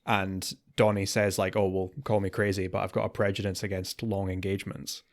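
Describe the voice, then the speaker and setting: A man co-hosting a podcast in casual chat, getting animated and higher when worked up. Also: fairly quick. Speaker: podcast co-host.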